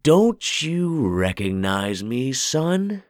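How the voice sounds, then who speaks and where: Brief: hoarse old backcountry storekeeper, slow eerie drawl, dry close sound, put on by a male narrator. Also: mid-range voice, sing-song, no room sound, pitched above the performer's own voice. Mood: eerie, knowing. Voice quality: hoarse, drawling country speech.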